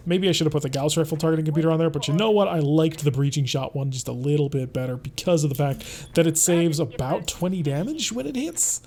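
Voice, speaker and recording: A man talking through his game as he plays, relaxed and chatty, thinking aloud. His voice sits a bit high for a man but sounds soft and mellow, never sharp. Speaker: host. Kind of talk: let's play gameplay commentary.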